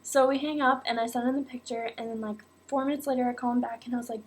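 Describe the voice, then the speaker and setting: High-voiced young woman telling a story. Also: fairly quick. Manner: animated, acts out quotes, many fillers like "like" and "oh my God". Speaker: vlogger. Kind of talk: casual personal storytelling.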